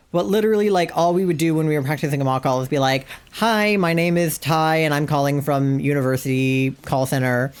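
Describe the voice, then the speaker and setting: A chatty streamer talking while playing a video game. The talk rambles along casually, full of asides and little fillers. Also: medium pitch.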